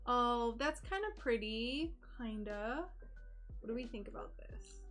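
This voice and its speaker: An American woman with a fairly high voice chats on a relaxed craft livestream, laughing at her own jokes as she works. She talks slowly and without hurry, and faint music plays behind her. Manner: giggly, chatty, laughs at herself often. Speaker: stained glass livestreamer. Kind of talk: casual craft livestream chat.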